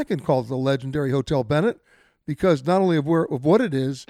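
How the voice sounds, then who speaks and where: A fast-talking man with a medium-pitched, dark voice hosts a radio travel show from a hotel, giving listeners chatty, emphatic, direct advice. Soft music plays in the background, and there's no room sound.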